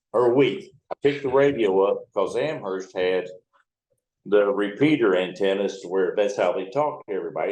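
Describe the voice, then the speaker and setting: A man's voice: fairly low pitch, a little mellow, reverberant, low-quality recording. A man in his seventies, a towboat captain, telling folksy, profane stories in an interview. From United States. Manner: folksy, profane yarn-spinning. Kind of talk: storytelling interview.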